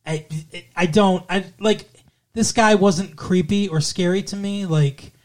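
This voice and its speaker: With a medium-pitched voice at a measured pace, a podcast co-host picks a horror movie apart. The chat is casual and sweary, full of rambling, fillers, and restarts.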